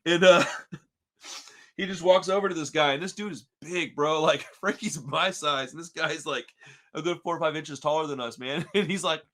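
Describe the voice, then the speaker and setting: A man from Texas spins a story in casual podcast chat with a fairly high, forceful and bright voice. He is slangy and animated, and he leans on dude and bro at almost every turn. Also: normal speed. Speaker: podcast co-host.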